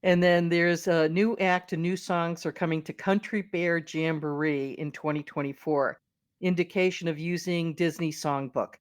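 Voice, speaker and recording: A woman's voice: fairly low pitch, fairly even intonation, moderate pace, dry recording, clean studio sound. A middle-aged woman co-hosting a podcast in casual, enthusiastic chat, often restarting words. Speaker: podcast co-host.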